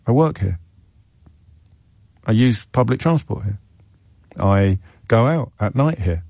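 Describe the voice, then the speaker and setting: A man hosts a radio phone-in from a dry, close-miked studio. His voice swoops up and down as he talks. He sounds sardonic and animated. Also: fairly low pitch, slow pace, gravelly, long pauses, no room sound. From England. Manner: animated, sardonic, acts out imagined callers.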